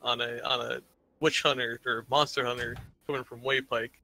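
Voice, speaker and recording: A man's voice: mid-range voice, little pitch movement, moderate pace, pushed and bright, slight background noise. A man playing a tabletop role-playing game who speaks casually and hesitantly. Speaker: player.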